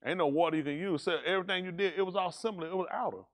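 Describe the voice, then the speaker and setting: A pastor, preaching loud and emphatic to his congregation. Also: high-pitched. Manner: loud, emphatic, quick preaching with call-and-response. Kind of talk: preaching a sermon.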